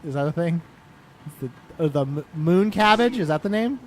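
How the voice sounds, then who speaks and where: A man's voice: a little high, lively intonation, moderate pace, a little hiss or hum. A young man co-hosting a gameplay video, joking around in playful casual banter. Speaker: co-host.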